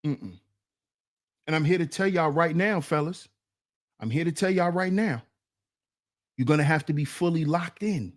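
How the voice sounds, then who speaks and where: Animated laughing man talking to the fellas. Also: fairly high pitch, normal speed, pauses often. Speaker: online commentator reacting to clips. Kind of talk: casual reaction commentary.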